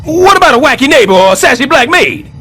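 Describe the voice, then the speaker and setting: A blustering cartoon building super, boastful and sarcastic, high and bright-toned voice, pitch swinging wildly, faint music underneath. He talks big and schemes out loud. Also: very animated, quick pace, a little hiss or hum, full character voice. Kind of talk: animated sitcom voice acting.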